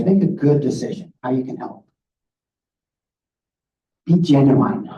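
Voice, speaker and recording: A middle-aged man with a warm, mid-range voice is a guest speaker on grief, giving a slide presentation in a meeting room. He talks earnestly and directly, often checking in with "okay?", and the audio is roomy, distant, and muffled.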